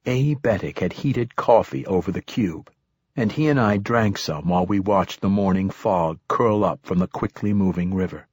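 A male audiobook narrator telling a story in the first person, measured and reflective. His voice is deep and slightly husky. He is recorded close and dry, with no room sound. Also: darkish tone, no echo.

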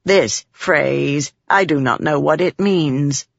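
This is a woman's take on an alien male spirit from a storybook, curious about everything and strangely literal. He speaks slowly and flatly, pausing to hum as he ponders. The audio is dull and dry. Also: low-pitched, creaky, dry recording, exaggerated voice. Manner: slow, flat and precise, with musing hums.

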